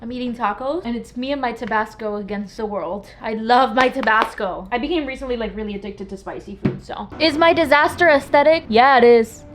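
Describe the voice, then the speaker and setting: Chatty young-sounding woman with a higher voice. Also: brisk, few pauses. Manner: chatty, rambling, peppered with fillers and swearing. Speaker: book vlogger. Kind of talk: casual chat. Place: home, by her bookshelves.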